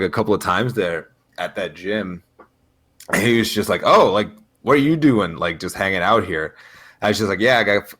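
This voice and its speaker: A man's voice: on the low side, fairly bright tone. A man co-hosting a casual podcast, telling stories with lots of fillers and frequent laughs. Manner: storytelling, laughs often, many fillers. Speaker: podcast co-host. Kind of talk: casual chat.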